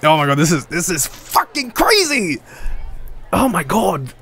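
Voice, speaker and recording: Excitable high-voiced male streamer. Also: measured pace, a little hiss or hum. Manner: excitable, frequent laughter and swearing. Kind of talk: casual game stream commentary.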